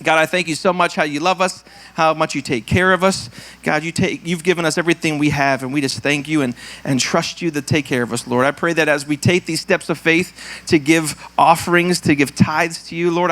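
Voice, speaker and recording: A male pastor leading prayer and announcements, playful and quick to laugh at his own jokes, acting out puns in silly voices. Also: a little high, fairly bright tone. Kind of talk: church service prayer and announcements.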